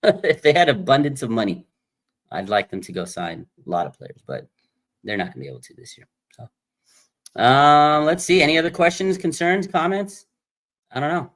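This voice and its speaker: A man hosting a casual fan livestream, reading viewer comments and chatting in a relaxed, thinking-aloud way. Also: on the high side, moderate pace. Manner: laid-back, thinking aloud with fillers. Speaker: livestream host.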